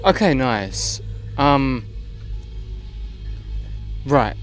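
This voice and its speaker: A man's voice: medium pitch, expressive, drawn-out words, over music. A man hosting a gaming channel, giving let's play commentary in a frantic, swearing way and muttering to himself as he plays.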